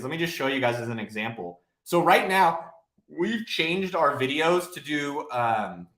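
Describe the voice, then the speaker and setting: A man rambles through a casual live Q&A, swearing freely and riffing off viewers' questions. His voice sits a little high. The room around him gives a noticeable echo. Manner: profane, blunt, rambling and animated. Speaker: host of a live Q&A stream. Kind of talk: casual livestream Q&A. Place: home office, livestreaming. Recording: roomy echo.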